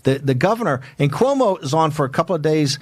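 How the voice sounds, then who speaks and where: A man hosting a political talk show, speaking in a combative, rapid-fire, emphatic way. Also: a little high, expressive, no echo. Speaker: host.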